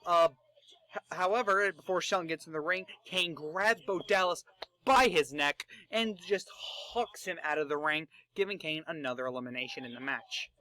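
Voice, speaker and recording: An excitable young man talking through an imagined wrestling match, joking and swearing freely. His voice is high and bright, and he pushes through the narration with eager energy. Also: moderate pace. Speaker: fantasy booker. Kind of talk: casual commentary narration.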